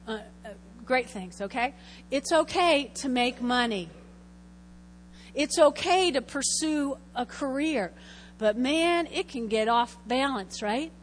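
High-voiced woman preaching in a hall. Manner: lively preaching with call-and-response to the congregation. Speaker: pastor. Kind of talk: sermon. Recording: hall reverb, faint hum.

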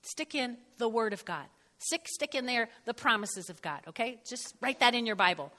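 A woman pastor delivers a lively, joking sermon with emphatic punch lines. Her voice is high and bright. It rings out with a long hall reverb, as if filling a church sanctuary. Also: moderate pace.

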